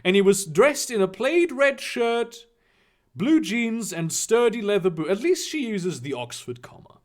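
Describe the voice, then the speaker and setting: A man's voice: high-pitched, sing-song, a little slow. A man reading fan fiction aloud and mocking it with crude, sarcastic commentary and frequent swearing. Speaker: reader and commentator.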